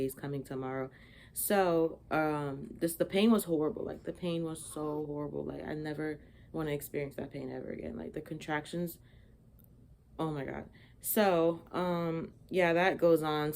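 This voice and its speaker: A young woman vlogger telling a casual storytime, chatty, full of fillers and "like". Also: sits low.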